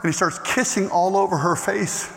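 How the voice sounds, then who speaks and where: A man preaching a storytelling sermon with a high, bright voice. He is animated, jumping from loud outbursts to hushed tones. The sound carries the long reverb of a large hall. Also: normal speed, gravelly.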